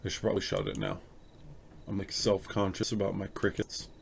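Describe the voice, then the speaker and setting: A man's voice: sits low, big pitch swings, brisk, creaky. A man hosting a casual live stream, chatting and thinking aloud as he works, a little self-conscious, in a room at home. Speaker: live stream host editing photos. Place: room at home with an open window.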